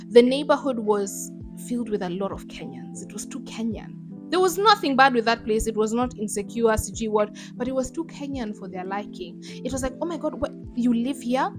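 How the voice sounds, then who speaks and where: Blunt, impassioned young woman vlogger. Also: on the high side. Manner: impassioned and blunt, sprinkles in Swahili slang. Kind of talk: direct-to-camera commentary.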